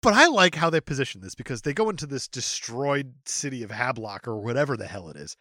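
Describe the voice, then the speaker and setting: A man's voice: mid-range voice, dry recording, clean studio sound. Male podcast co-host, joking movie recap; bouncy, wide-ranging delivery. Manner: animated, jokey, acts out characters in quick bits. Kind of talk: casual movie-review chat.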